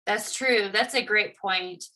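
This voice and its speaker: A woman's voice: medium pitch, slow pace, sharp tone. A woman teaching public speaking, explaining and encouraging her students. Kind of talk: class lesson.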